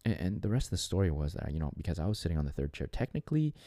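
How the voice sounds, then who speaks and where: Podcast host, male, very low mellow voice, earnest and rambling, dry close sound. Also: big pitch swings, racing, dry recording. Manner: earnest, rambling, with frequent restarts and filler. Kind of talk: reflective solo podcast monologue.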